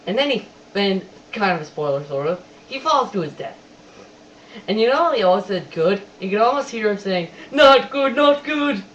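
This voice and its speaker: A casual movie reviewer on webcam chats away in a mid-range voice, talking a little fast, repeatedly saying he has to admit things and quoting lines with animated emphasis. The audio comes through a webcam microphone, sounding distant and dull with a faint hiss.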